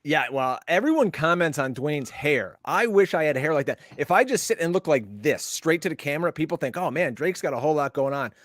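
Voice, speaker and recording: A man hosting a sports podcast with upbeat, chatty banter and quick promotional plugs over what sounds like a video call. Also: fairly high pitch, animated, a bit bright, dry recording, studio quality. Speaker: podcast host. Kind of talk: lively show hosting, casual banter.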